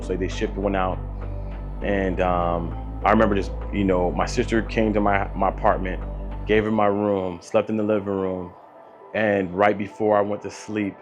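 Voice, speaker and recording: A man telling a personal story of loss in a soft, halting way, with many pauses and restarts. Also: low-pitched, level tone. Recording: dull lo-fi audio with music behind. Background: soft instrumental music.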